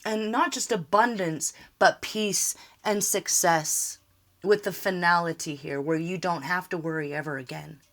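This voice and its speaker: A woman's voice: on the low side, a little slow. A woman giving a tarot reading, talking earnestly and reassuringly, repeating short words of encouragement. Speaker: tarot reader.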